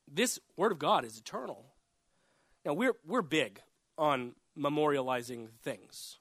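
A man's voice: lively intonation, unhurried, fairly bright tone, no room sound. A man in his thirties preaching a sermon as a pastor, earnest and building in emphasis as he makes his points. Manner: earnest, rises in pitch and volume for emphasis.

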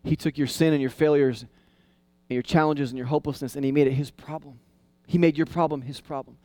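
A male pastor preaching a casual, conversational sermon that swings into high, excited tones. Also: fairly quick, no echo.

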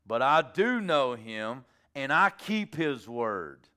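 Jesus, a preacher voicing a calm cutting teacher. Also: male voice, mid-range voice, clear, resonant tone, voice pushed down, full character voice. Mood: solemn. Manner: slow, deliberate, pointed.

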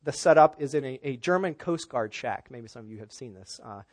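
A middle-aged man preaching a sermon as pastor, in a relaxed conversational way with frequent "uh" fillers and small restarts. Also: medium pitch, fairly quick.

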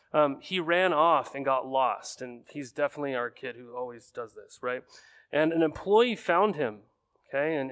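A man's voice: mid-range voice, a bit bright. A man in his thirties preaching a sermon in a conversational way, often checking in with rhetorical questions. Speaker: pastor.

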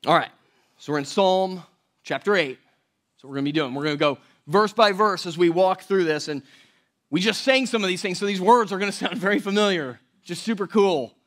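A man's voice: high-pitched, fairly quick. Conversational man preaching a sermon. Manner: conversational, joking asides, dynamic swings between loud and quiet. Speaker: pastor. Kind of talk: verse-by-verse sermon.

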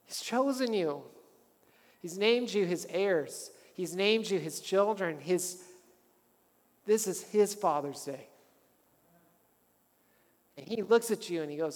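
A man with a notably high voice preaches a sermon, rising into animated bursts and asking the congregation to speak along. His words ring out with the long reverb of a large hall. He sounds like a pastor at the pulpit. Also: takes it slowly, long pauses. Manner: animated, calls the congregation to respond.

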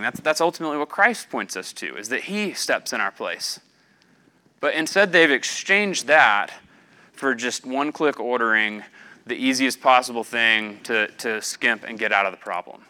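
A young male pastor from the Southeastern US delivers a conversational sermon in a very bright, ringing voice that sits a little high. He stays animated throughout, slipping into quoted voices to act out the scene.

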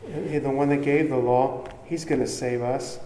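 A man in the middle of his pitch range preaches an earnest, conversational sermon. His voice is mellow and warm. It rings with long reverb through a big, echoey room, with faint ambience behind him. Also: fairly even intonation, moderate pace, slight background noise.

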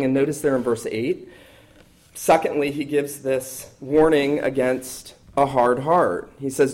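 A man preaching from the pulpit in a fairly high voice. He hammers on key words, rising loud on some and dropping low and soft on others. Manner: emphatic, repeats key words, swings from loud to quiet. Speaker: pastor. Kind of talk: sermon.

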